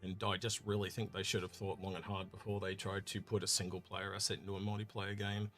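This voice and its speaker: A man's voice: low-pitched, fast. Man, co-host, casual stream q&a, chatty, trails off, faint music. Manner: casual, animated, trailing off with "so yeah". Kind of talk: casual livestream Q&A chat.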